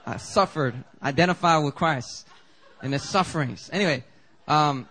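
Lively, conversational male preacher. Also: a little high, low-quality recording. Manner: animated, conversational preaching with quick asides. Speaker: pastor. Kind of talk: sermon. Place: church sanctuary.

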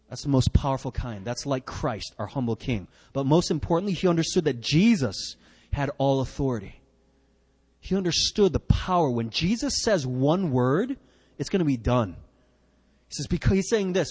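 A man's voice: fairly high pitch, big pitch swings, moderate pace, husky, big-room sound. A man preaching a sermon and teaching from the Bible, emphatic, with rhetorical questions and repeated "right?" checks. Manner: emphatic, asks the listeners "right?".

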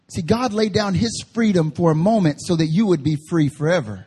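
A man preaching a sermon as pastor, with emphatic slow stresses and playful asides. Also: high-pitched, animated, mellow, husky. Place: church service.

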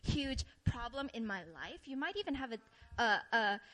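Young woman, preacher, sermon, animated storytelling, high voice, crisp and bright. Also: moderate pace, rough recording. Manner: animated storytelling, acts out her own complaints.

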